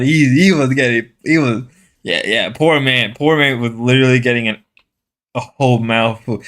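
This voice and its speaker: A man's voice: mid-range voice, normal speed, a bit bright. A man streaming a casual reaction to a video, rambling and exclaiming with frequent laughter. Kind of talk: casual live reaction commentary.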